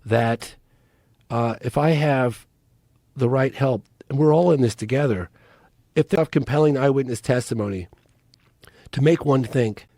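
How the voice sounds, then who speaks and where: A man's voice: medium pitch, warm tone, no room sound, studio quality. A man, a documentary filmmaker, talking as a podcast guest in an earnest, urgent way and pressing his case. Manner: earnest, urgent, pleading appeals. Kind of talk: casual interview talk.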